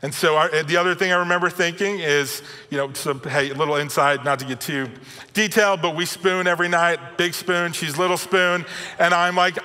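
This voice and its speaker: A middle-aged man preaching with a bright, forceful tone and a slightly high voice. He tells stories in a relaxed, self-deprecating way, and his voice rings out with the long reverb of a church hall. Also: brisk, smooth. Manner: conversational, self-deprecating storytelling. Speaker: pastor. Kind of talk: sermon with personal stories.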